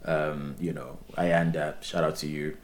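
A young man co-hosting a podcast, chatting in an animated, opinionated way with many restarts. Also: a bass voice, measured pace. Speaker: podcast co-host. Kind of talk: casual podcast chat.

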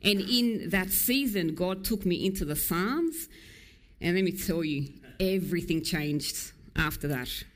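Earnest, emphatic woman preacher. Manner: earnest and emphatic, alternating quick passages with slow, low, drawn-out lines. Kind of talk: sermon. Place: church.

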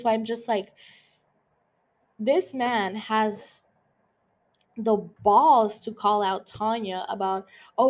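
A young woman hosting a podcast, talking quickly and casually with lots of swearing and filler words. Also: fairly high pitch, vocal fry. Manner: fast, profane, lots of "like" fillers. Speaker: podcast host. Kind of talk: casual chat.

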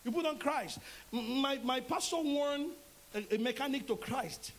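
High-voiced Nigerian pastor preaching. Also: male voice, moderate pace, slight background noise, poor audio. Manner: animated preaching, acts out dialogue in changing voices. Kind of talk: sermon.

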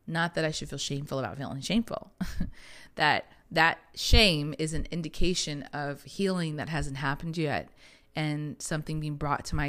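Low-pitched woman, podcast host, reflective and candid, playful asides. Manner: candid, conversational, laughs often, acts out inner voices. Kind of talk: reflective spiritual monologue.

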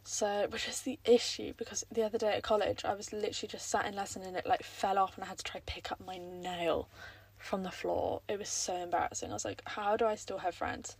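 A woman's voice: medium pitch, a little fast, slightly rough. A young woman hosting her own podcast, rambling through casual, self-mocking chat about her day. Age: young adult. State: croaky throat; a bit out of breath. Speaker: podcast host.

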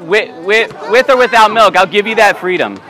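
A man's voice: high voice, animated, bright, forceful tone, some chatter behind, rough recording. A man hosting a casual podcast outdoors at a summer camp, joking around and interviewing people as he walks. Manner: playful, joking, quick asides. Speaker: podcast host. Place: outdoors at a camp, lawnmowers and kids nearby.

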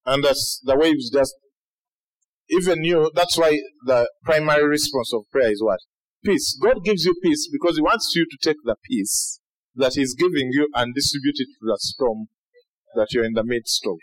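A man preaching a sermon to a large congregation, animated, with shouted peaks and acted-out quotes. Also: medium pitch, moderate pace, poor audio. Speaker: pastor.

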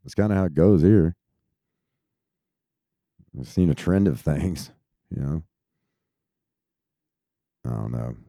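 A man's voice: extremely low pitch, lively intonation, slow, vocal fry, long pauses, mellow, no echo, studio quality. A man in his thirties who grew up in Texas, ranting casually in a rambling, profane stream. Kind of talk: casual rant.

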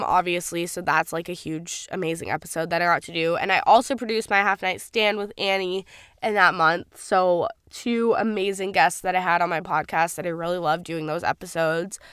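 A young woman in her twenties hosts a solo podcast, talking in a bubbly, gushing way full of "like." Her voice is smooth and clear. The recording is dry and close, with no room sound. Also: mid-range voice, a bit bright, no echo. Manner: bubbly, gushing, filler-heavy. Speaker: podcast host. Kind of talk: casual solo podcast recap.

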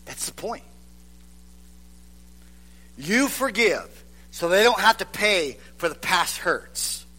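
A man preaching a sermon as a pastor, dropping to hushed, near-whispered lines for emphasis and acting out the voices of reluctant listeners. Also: high-pitched, big pitch swings, slow pace. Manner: acts out the voices of reluctant churchgoers.

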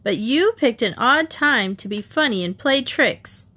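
A woman's voice: a little high, animated, unhurried, fairly bright tone, pitched above the performer's own voice. A woman reading aloud, voicing a spunky, anxious teenage girl sleuth in a raised, emphatic voice. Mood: exasperated.

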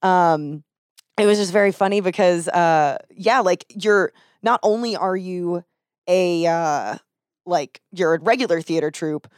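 A woman in her twenties from Texas with a light Central Texas accent, chatting casually as a podcast guest, full of fillers and quick laughs. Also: lowish voice, clear, resonant tone, dry recording, clean studio sound. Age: 20s. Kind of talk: casual chat.

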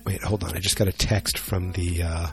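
Male vlogger, lowish voice, loose rambling delivery with self-mocking jokes. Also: little pitch movement, normal speed, a bit bright, faint music behind. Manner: rambling, joking, self-deprecating. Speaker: solo wrestling vlogger. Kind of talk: casual rambling chat.

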